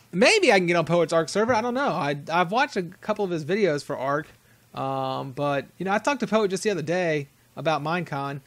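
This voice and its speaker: A man's voice: fairly high pitch, a bit bright. A man rambling chattily through casual game commentary, laughing often as he talks. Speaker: gaming channel host. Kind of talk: casual let's-play commentary.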